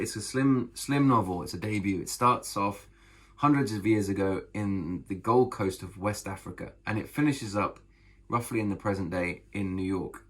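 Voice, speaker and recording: Gravelly low-voiced man talking writing. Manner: enthusiastic, emphatic, repeats phrases. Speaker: author and vlogger. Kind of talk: casual talk to camera about writing.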